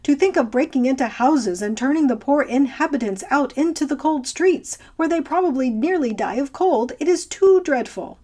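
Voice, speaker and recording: A woman voicing a fussy, anxious elderly gentleman who talks in a prim, fretful, genteel way. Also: sits high, expressive, moderate pace, hardly any pauses, pitched above the performer's own voice.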